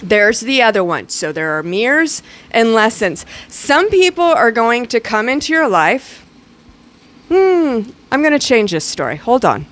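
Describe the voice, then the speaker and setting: A woman giving a casual, animated spiritual teaching to her students, with chatty, playful asides. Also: fairly high pitch, unhurried.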